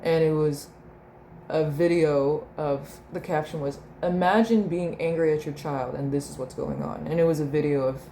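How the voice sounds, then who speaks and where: Young woman, low voice, reflective diary talk, meandering, echoey room, faint hiss. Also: fairly even intonation, moderate pace. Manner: soft, meandering, searching for words, laughing often. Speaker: mother keeping a video diary. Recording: roomy echo with faint room noise.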